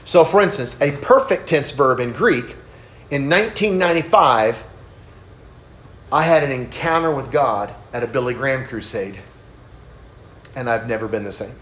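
A man preaching a sermon, rising high and loud on key points and dropping low and quiet as he tells a personal story, talking casually with many restarts. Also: normal speed, pauses often, a little hiss or hum.

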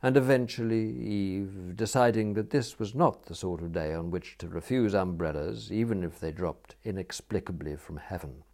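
A man reading a story aloud in a measured, expressive way. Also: low voice. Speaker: narrator. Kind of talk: audiobook reading.

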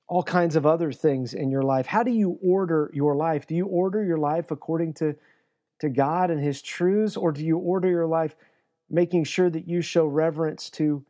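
Earnest preacher, a man with a mellow voice. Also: on the high side. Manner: earnest, emphatic preaching with frequent restarts. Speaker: pastor. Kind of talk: sermon.

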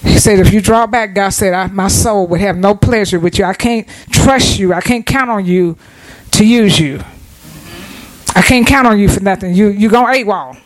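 A woman's voice: mid-range voice, normal speed, rough recording. Folksy woman preaching a sermon. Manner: folksy, down-to-earth preaching with call-and-response. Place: church.

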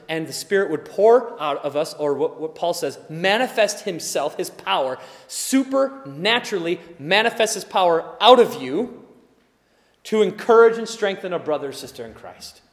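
A man in his forties preaching a sermon as pastor, animated, acting out little scenes and dropping to soft murmurs. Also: fairly high pitch, in a large hall. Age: 40s.

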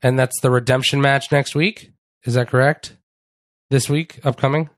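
A man's voice: medium pitch, fairly even intonation, dry recording. A man co-hosting a podcast, recapping wrestling in a casual, profane, rambling chat. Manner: profane, rambling, with quick impressions. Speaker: podcast co-host.

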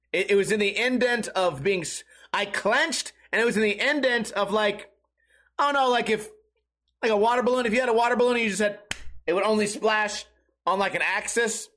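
A man's voice: sits high, fairly bright tone. A man hosting a comedy podcast, telling crude, profane stories in a rambling monologue, laughing at his own jokes and acting out the people in them. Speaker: podcast host.

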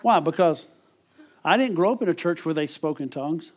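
Middle-aged male preacher, conversational sermon delivery, a little high-pitched, chuckles between points. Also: lively intonation, fairly quick. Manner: conversational, repeats and restarts words, chuckles often.

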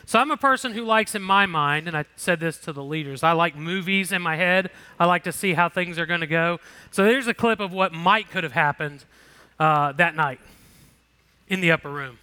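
A man's voice: fairly high pitch, moderate pace, bright, forceful tone, clear, resonant tone. A man leading a Bible lesson, reading scripture aloud and commenting in a casual, conversational way. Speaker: Bible study teacher.

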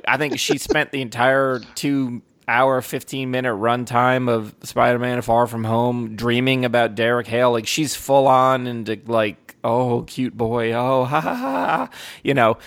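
A man's voice: mid-range voice, normal speed, hardly any pauses, dry recording. Male podcast host, rambling comic storyteller, salty language, close dry sound. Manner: animated, profane, rambling. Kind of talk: casual chat, comedic storytelling.

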